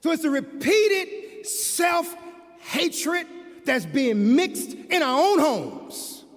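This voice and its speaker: A man preaching an impassioned sermon as a minister, building to shouts. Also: extremely high pitch, sing-song, extremely slow. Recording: long hall reverb.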